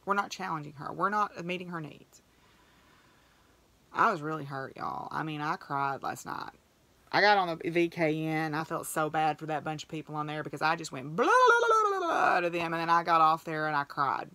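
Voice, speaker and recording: A woman's voice: low voice, steady tone, normal speed, sharp tone, dry recording. A woman hosting a podcast, telling a story in a chatty, emotional way and acting out what people said. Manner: chatty, emotional, acts out quoted dialogue. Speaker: podcast host. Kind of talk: casual storytelling monologue.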